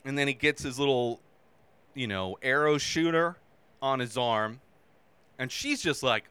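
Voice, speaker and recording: A man hosting a casual movie review show, talking animatedly and acting out his own reactions with sudden shouts. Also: medium pitch, big pitch swings, normal speed, clear, resonant tone, dry recording.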